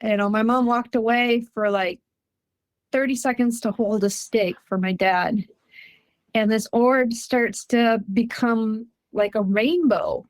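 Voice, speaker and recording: A woman from Minnesota shares a personal story in a casual, earnest way. Her voice sits fairly high, and the sound is close and dry. She stays animated and laughs often. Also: slow, no room sound. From Minnesota, USA. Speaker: guest recounting a personal encounter.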